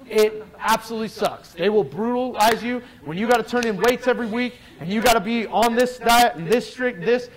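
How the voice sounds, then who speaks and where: A man's voice: high voice, low-quality recording. A man speaking as a guest to a live group, giving an earnest, emphatic motivational talk full of restarts and direct questions to the audience. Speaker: guest speaker addressing a weight-loss group.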